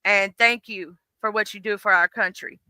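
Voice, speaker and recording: A woman's voice: medium pitch, fairly even intonation, normal speed, pushed and bright, clear, resonant tone, dry recording. A middle-aged woman hosting a live stream in casual, rambling chat, full of fillers and restarts. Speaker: livestream host.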